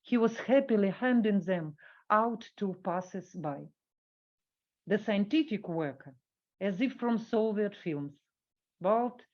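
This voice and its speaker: A woman giving a workshop talk, reading an academic paper from a script and halting with fillers when she speaks off the cuff. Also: medium pitch, lo-fi sound.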